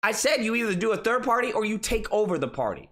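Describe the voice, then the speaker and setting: A man's voice: sits high, sing-song, quick pace, a bit bright. A man hosting a political commentary stream, ranting in an exasperated, mocking, profane way.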